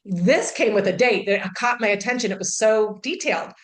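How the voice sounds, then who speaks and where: A woman's voice: medium pitch, moderate pace. A woman guest with a mid-range voice tells her story in a loose, chatty way. She leans on "like" and "you know" and acts out the back-and-forth of each conversation herself. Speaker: guest, intuitive healer. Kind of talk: casual spoken storytelling.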